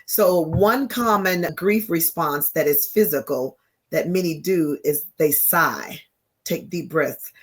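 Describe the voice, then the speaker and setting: A woman guest, a grief counselor, calmly explaining grief in conversation. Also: low voice, takes it slowly, breathy edge. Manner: calm, affirming, explains with a teacher's patience.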